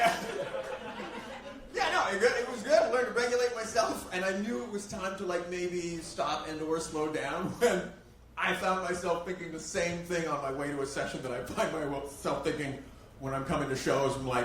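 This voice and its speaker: A man's voice: high-pitched, fairly bright tone, slight background noise. A man performing a self-mocking stand-up comedy set on a club stage, swearing freely as the audience laughs. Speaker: stand-up comic. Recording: roomy live-club sound, mic heard from a distance.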